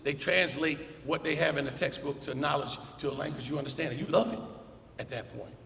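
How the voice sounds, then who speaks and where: Energetic man speaking in an echoey hall. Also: fairly high pitch, fairly quick, vocal fry, slight background noise. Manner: storytelling with energetic acted-out dialogue. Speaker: commencement speaker. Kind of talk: motivational commencement speech. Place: large hall. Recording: echoey hall, faint ambience.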